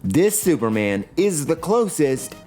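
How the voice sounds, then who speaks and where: A man's voice: very animated, measured pace, darkish tone, faint music behind. Sardonic man narrating a video essay. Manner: sardonic and jokey, with swings in pitch.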